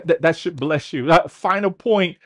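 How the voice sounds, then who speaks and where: High-voiced man preaching a sermon. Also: normal speed. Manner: repeats and stammers words, asks the congregation to respond. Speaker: pastor. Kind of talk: online sermon.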